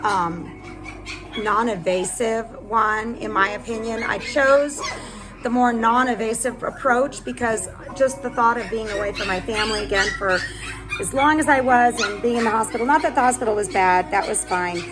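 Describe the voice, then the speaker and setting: A woman's voice: fairly high pitch, moderate pace, poor audio. A woman dog breeder chatting casually on a vlog, rambling with lots of fillers and cooing at her puppies. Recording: music playing behind. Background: background music, puppies.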